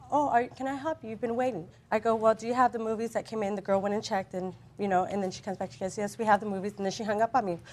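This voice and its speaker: A woman testifying as the plaintiff, telling her story excitably and jumping up in pitch when she quotes herself. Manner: fast, excitable storytelling, voice rising when quoting. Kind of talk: testimony in a televised courtroom.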